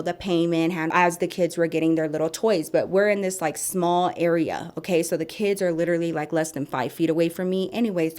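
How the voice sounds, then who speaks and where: A woman in her thirties telling a story to her viewers in a chatty, sassy way, calling them girl and y'all. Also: on the low side. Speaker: storytime vlogger.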